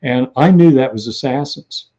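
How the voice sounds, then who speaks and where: A man, an author being interviewed, telling lively stories and acting out what people said. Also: medium pitch, moderate pace, breathy edge, highs cut off. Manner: animated anecdotal storyteller who acts out quotes. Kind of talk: interview storytelling.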